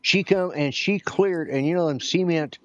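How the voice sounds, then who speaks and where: A man's voice: fairly high pitch, normal speed, fairly bright tone, dull audio, slight background noise. A man telling a rambling, folksy story during a casual chat. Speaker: guest.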